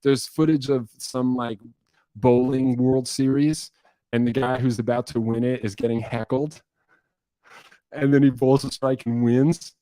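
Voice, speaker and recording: On a relaxed livestream Q&A, a young musician from New Jersey works through questions from viewers. His mid-range voice is warm but flat, at a measured pace, and sounds close and dry without echo. He wanders off topic, curses a lot, and jokes at his own expense.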